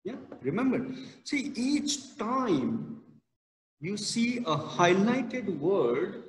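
A man lectures a class, his fairly high voice swinging up and down as he stresses words. He talks unhurriedly and deliberately. The sound rings around a reverberant hall with a long tail. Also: sing-song, a little hiss or hum. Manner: slow, emphatic, stresses key words. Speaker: college lecturer.

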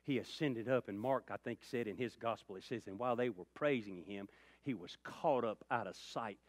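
Impassioned pastor preaching. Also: male voice, medium pitch, normal speed, no echo. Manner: impassioned preaching, rising loud then dropping to hushed tones. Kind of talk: sermon.

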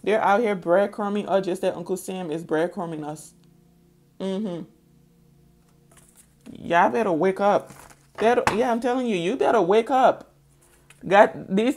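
A woman's voice: medium pitch, darkish tone. Emphatic woman giving a tarot reading. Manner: emphatic, repetitive, keeps checking in with "okay?". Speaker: tarot reader. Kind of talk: tarot reading monologue to viewers.

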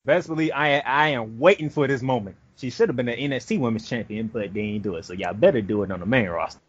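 Animated man on a dull remote line. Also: mid-range voice, quick pace, slightly rough. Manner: lively, animated, plugs his shows. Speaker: podcast host. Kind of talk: casual podcast chat.

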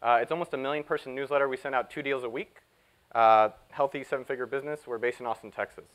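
A man giving a live conference talk, energetic and jokey as he hypes up the audience. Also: medium pitch, quick pace, rough recording. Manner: energetic, jokey, hyping up the crowd. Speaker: keynote speaker.

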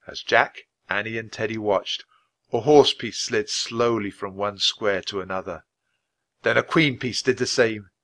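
A man reading a children's chapter book aloud at a natural, clear pace. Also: on the low side, fairly even intonation, a little slow, a bit bright. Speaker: storybook reader.

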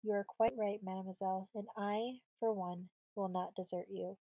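A woman voicing a steady frontier husband who speaks gravely and reasons calmly. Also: medium pitch, normal speed, dry recording, lo-fi sound, lightly acted.

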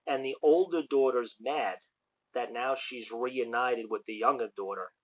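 Animated New preacher, lo-fi. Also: male voice, mid-range voice, measured pace. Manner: animated storyteller who acts out the dialogue. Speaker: street preacher and online ministry host. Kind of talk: impassioned testimony. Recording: lo-fi dull sound.

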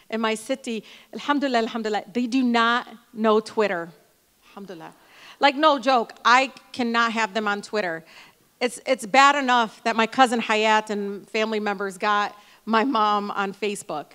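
A woman in her forties from Detroit giving a convention speech, telling family stories with animated, emphatic peaks. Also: a little high, normal speed. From Detroit, Michigan. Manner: storytelling, animated, rising to loud emphatic peaks. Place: large hall. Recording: smooth voice with long hall reverb.

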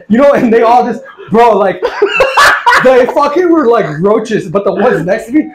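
A man with a notably high-pitched voice tells stories from his service days in a loose, profane, laughing style. He sounds like a former drill instructor in his thirties, swearing freely and acting out the scenes he describes. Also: a little fast, over a noisy crowd. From Ohio, US. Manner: profane, animated, laughing often. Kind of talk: casual storytelling.

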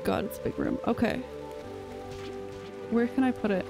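A woman's voice: a little high, very animated, moderate pace, creaky, music in the background, low-quality recording. A young woman streamer chatting casually while she plays, rambling with lots of fillers. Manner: rambling, filler-heavy chat. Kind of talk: casual gameplay chat.

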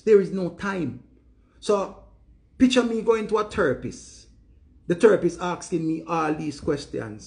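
A man's voice: a little high, moderate pace, vocal fry, darkish tone. A grieving man with a Jamaican accent, talking emphatically and repeating himself in patois. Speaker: vlogger. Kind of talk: emotional monologue to camera.

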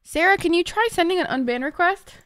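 A woman's voice: very high-pitched, lively intonation, brisk, a bit bright, no room sound, clean studio sound. A woman streamer chatting to her viewers, flustered and swearing often. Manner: flustered, swearing, talks to chat. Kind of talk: casual live-stream chat.

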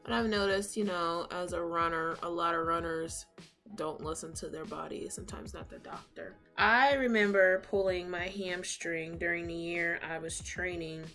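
A young adult woman telling a story in a casual, animated way while doing her makeup, swinging from calm to loud, excited retelling. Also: fairly low pitch, normal speed, faint music behind. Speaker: beauty vlogger.

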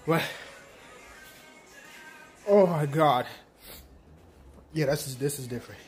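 A man's voice: a little high, takes it slowly, a little mellow, soft background music. Distressed young man in pain. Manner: distressed, repetitive pleading. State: in pain, sniffling, coughing. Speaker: YouTuber doing a spicy chip challenge. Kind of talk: casual vlog to camera.

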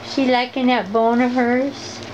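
A woman's voice: fairly high pitch, measured pace. A woman at home talking to her pets in sing-song baby talk. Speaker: pet owner. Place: home, indoors. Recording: home recording with steady background noise.

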